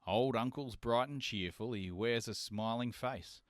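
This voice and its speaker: A man reciting a poem in a measured, rhythmic way. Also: medium pitch, dry recording, studio quality. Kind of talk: poetry recitation.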